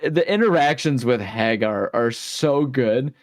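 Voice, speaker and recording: A man's voice: medium pitch, lively intonation, a little slow, no echo, clean studio sound. A man with a Midwestern accent chatting casually as a podcast co-host, rambling with many restarts and easy laughter.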